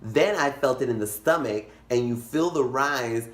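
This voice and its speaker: A young man telling a comic story in a vlog, animated and dramatic, jumping into high squeals. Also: normal speed. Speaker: vlogger. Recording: echoey room.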